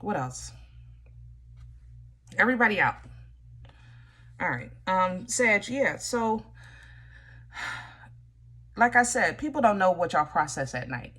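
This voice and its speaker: A woman's voice: mid-range voice, big pitch swings, slow pace, long pauses, fairly bright tone. A woman giving a casual tarot reading, talking straight to her viewers in a chatty way, often stopping and restarting. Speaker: tarot reader.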